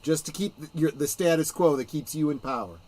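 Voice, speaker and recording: A man with a slightly raised pitch hosts a relaxed film commentary stream. He thinks out loud, stopping and restarting his phrases as he goes. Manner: halting, restarts phrases while thinking aloud. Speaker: livestream host. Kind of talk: casual film commentary chat.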